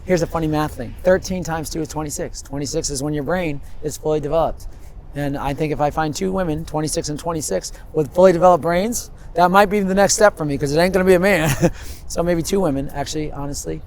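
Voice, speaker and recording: A man in his fifties telling his story in a rambling, animated way on an outdoor street interview, laughing often. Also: a little high, fast. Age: 50s.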